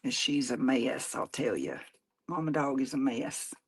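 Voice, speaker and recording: A woman's voice: very deep voice, animated, unhurried, a little hiss or hum. Folksy woman chatting while crafting. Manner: chatty, folksy, laughs often. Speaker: craft show host; nurse. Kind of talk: casual chat while crafting.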